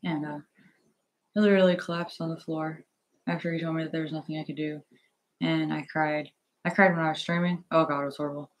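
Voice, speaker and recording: Fairly high-pitched with little pitch movement, a young vlogger speaks into an earphone headset at home, and the audio is lo-fi. He sounds nervous and hesitant, wandering off track and constantly restarting amid lots of filler words.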